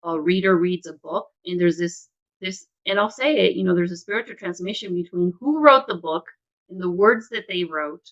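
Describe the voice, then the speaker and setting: A woman's voice: lowish voice, normal speed. A woman hosting an interview as the publisher, appreciative and encouraging toward her guest. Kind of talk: casual interview. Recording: muffled, lo-fi call audio.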